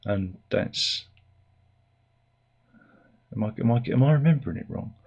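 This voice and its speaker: A middle-aged man rambles through a casual review, sarcastic and exasperated. His voice sits low and has a husky edge. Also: expressive, a little slow, a little mellow, highs cut off.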